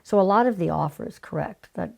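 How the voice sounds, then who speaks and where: An older woman, a casting director, telling stories in an interview, animated and acting out the people she quotes. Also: lowish voice, fast, vocal fry. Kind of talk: casual interview storytelling.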